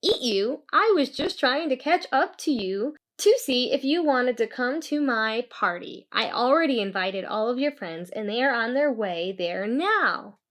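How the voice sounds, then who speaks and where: A woman voicing a big, friendly, shy male trollgre monster in a children's storybook read-aloud, speaking gently. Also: a little high, animated, a little slow, few pauses. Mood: cheerful.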